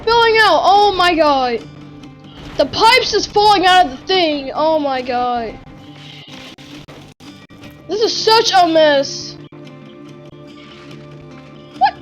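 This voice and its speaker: A woman giving excitable gaming commentary, full of gasps and exclamations. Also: very high voice, slow, long pauses, soft background music, poor audio. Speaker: gamer.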